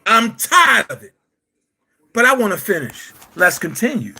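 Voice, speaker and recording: A man's voice: high voice, big pitch swings, a little slow, gravelly, bright, forceful tone, slight background noise. A man delivering heated commentary, calling out his target directly and reading passages from an article aloud.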